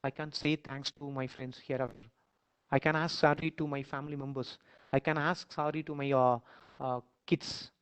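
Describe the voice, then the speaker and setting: A man's voice: mid-range voice, level tone, normal speed, clear, resonant tone, poor audio. Dramatic Indian English lecturer, man. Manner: dramatic, repetitive, rising to near-shouts in emotional passages. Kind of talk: guided imagination exercise in a lecture.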